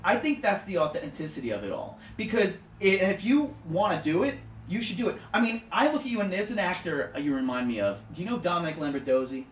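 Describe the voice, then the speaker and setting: Male stage actor, Long Island accent, lively storyteller, recorded off-mic in a roomy space. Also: sits high, fast talker, few pauses, a little hiss or hum. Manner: animated storyteller, laughs while telling stories. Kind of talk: casual podcast chat. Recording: echoey room, voice from a distance.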